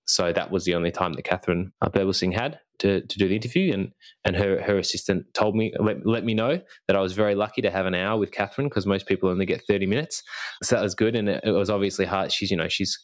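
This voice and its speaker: Low-voiced man rambling through an anecdote. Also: fairly even intonation, fast. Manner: rambling with frequent restarts and self-corrections; acts out remembered dialogue. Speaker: podcast co-host recounting a school visit. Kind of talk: casual chat.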